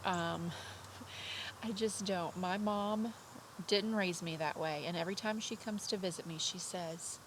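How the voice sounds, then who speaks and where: A young woman teaching vocabulary to kindergarteners from home, slow and clear with a sing-song, drawn-out delivery. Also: lowish voice, a little hiss or hum. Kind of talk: remote vocabulary lesson for young children.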